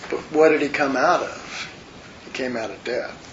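Here a man of medium pitch and moderate pace teaches a Bible study, talking to his listeners as folks in an earnest, rambling, conversational manner. The sound is muffled and lo-fi, with a little hiss.

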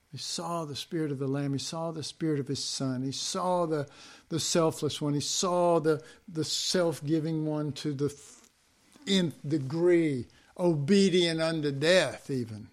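A man preaching a sermon, swinging from hushed whispers to loud emphasis, with folksy, chuckling asides. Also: on the high side, a little slow.

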